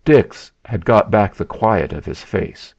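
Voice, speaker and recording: Male story narrator, deliberate, dry close sound, dull lo-fi recording. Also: lowish voice, lively intonation, creaky, darkish tone, no echo. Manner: slow and deliberate. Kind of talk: first-person story narration.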